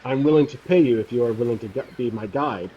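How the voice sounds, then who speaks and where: A man voicing an earnest young male adventurer in a solo tabletop game, speaking low and solemn, on a dull lo-fi recording. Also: fast talker, a little hiss or hum, natural voice. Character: earnest young male wandering hero, soft-spoken.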